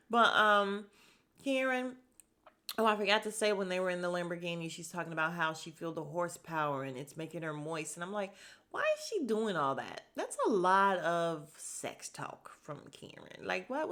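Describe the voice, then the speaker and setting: A woman hosting a podcast, recapping a reality show in a casual, sassy way with quick mimicked asides. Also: mid-range voice, fairly bright tone.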